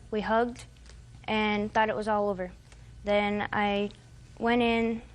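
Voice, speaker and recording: A woman in her twenties, with a fairly high-pitched voice, testifies as a defendant in court. Her account is rambling and hesitant, and she quotes what other people said.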